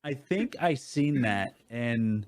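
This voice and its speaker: A man's voice: mid-range voice, expressive, slow pace. A young man co-hosting a podcast in casual chat, chuckling and chiming in with teasing remarks. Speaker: podcast co-host.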